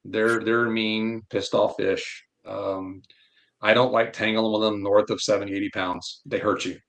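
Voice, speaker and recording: Low-voiced blunt man talking fishing. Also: a little slow. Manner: blunt, animated storyteller with frank opinions. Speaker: podcast guest. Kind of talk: casual fishing chat.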